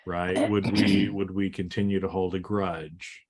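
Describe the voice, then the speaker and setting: A man with a somewhat low voice leads a casual podcast interview. He repeats himself and restarts his sentences, and he seeks agreement with a constant "right?". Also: little pitch movement, measured pace, darkish tone, slightly rough. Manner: tags thoughts with rhetorical "right?", stammering restarts. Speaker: podcast host.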